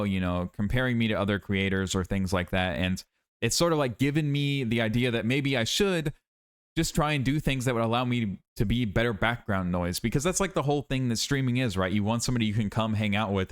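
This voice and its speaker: A man's voice: on the low side, clean tone. A tired young man rambling in a casual vlog monologue, self-critical and repeating himself. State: tired, worn out. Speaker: YouTuber.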